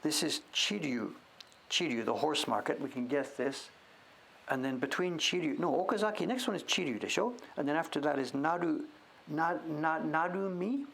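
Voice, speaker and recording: A man hosting a casual show-and-tell, thinking aloud as he sounds out names, sometimes dropping to a whisper and breaking into excited praise. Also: fairly high pitch, moderate pace, gravelly, a little hiss or hum. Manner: drops to whispers now and then. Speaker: host.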